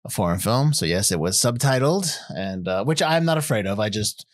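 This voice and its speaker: A man's voice: lowish voice, animated, a little fast, no room sound. Man, American accent, rambling casual chat, dry close sound. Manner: rambling, self-correcting, reads out figures. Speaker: podcast host.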